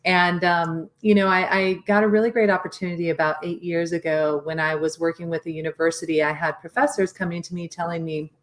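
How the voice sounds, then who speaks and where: A woman's voice: fairly low pitch, flat delivery, a little fast, hardly any pauses. A woman guest in an interview, explaining her work in an earnest, conversational way. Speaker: interview guest, nonprofit founder.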